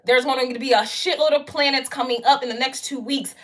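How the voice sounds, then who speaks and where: A woman's voice: sits high, fairly even intonation, brisk. A woman giving a casual tarot reading, talking straight to the viewer in a blunt, profane, slangy way and hammering her point again and again. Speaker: tarot card reader.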